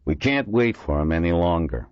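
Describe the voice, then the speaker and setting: A man's voice: low voice, very animated, normal speed, dry recording. A man voicing an irritable, blunt male police lieutenant in an audiobook reading. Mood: impatient. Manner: gruff, blunt. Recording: dull lo-fi dry recording.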